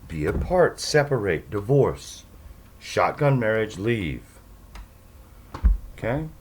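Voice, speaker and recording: A man's voice: on the low side, sing-song, takes it slowly, background noise. A man hosting a casual monologue for his listeners, talking in a sarcastic, rambling way with mocking asides. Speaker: podcast host.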